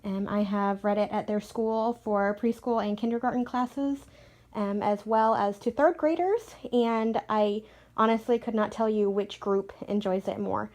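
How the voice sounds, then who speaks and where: Young adult woman, parent, casual chatty book recommendation with frequent fillers, medium pitch. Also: steady tone, a little slow, darkish tone.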